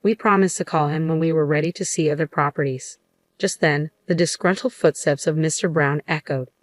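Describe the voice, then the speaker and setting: Low, dry-voiced woman narrating a story. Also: fairly quick, dry recording.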